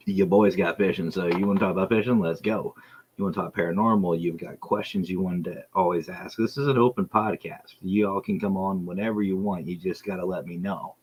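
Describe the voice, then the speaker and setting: A man's voice: sits low, fairly even intonation, normal speed, a little hiss or hum, poor audio. A man hosting his own podcast livestream, chatting casually and enthusiastically with viewers and reading their messages aloud. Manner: rambling, enthusiastic, reads chat aloud. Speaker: podcast host. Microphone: streaming setup.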